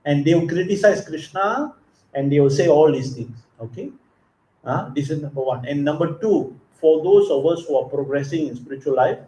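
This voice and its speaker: A man gives a sermon in an echoey temple hall. His voice sits a little high but sounds mellow, and he moves between reading verses and chatting about them with frequent chuckles. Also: expressive, normal speed. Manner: reads verses then explains in casual asides, chuckling often. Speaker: speaker giving a scripture class.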